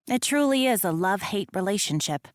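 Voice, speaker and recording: A woman's voice: medium pitch, lively intonation, a little fast, no room sound, clean studio sound. Woman narrating a wry romance audiobook. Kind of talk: first-person romance narration.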